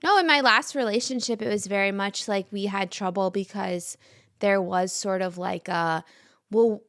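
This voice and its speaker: A young adult woman guest on a podcast, talking in a chatty, animated way with lots of "like". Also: medium pitch, moderate pace, no echo, clean studio sound. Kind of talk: casual conversation. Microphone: podcast mic.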